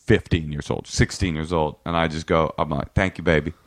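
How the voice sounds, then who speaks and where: A man's voice: very deep voice, moderate pace, no room sound, studio quality. A man in his thirties, a comedian guest in casual podcast chat, telling stories and acting out quoted voices. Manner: animated storytelling, acts out quotes in other voices.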